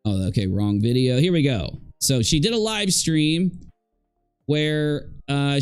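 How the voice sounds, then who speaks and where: A man with a somewhat high voice hosts a live stream, talking straight to his viewers in a loose, chatty way. He slips easily into sarcasm and mockery, with faint music underneath. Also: a little mellow, clean tone. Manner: sarcastic, mocking. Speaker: streamer host.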